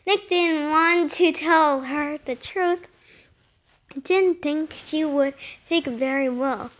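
A child reads a storybook chapter aloud, word by careful word, with the odd stumble. The voice sits high and the pace is unhurried. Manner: careful, steady reading with small slips. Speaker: reader.

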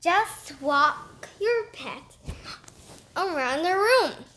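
A woman voicing a cheerful dog-obedience teacher who gives bright commands in a storybook reading. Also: very high-pitched, expressive, drawn-out words, full character voice. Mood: cheery.

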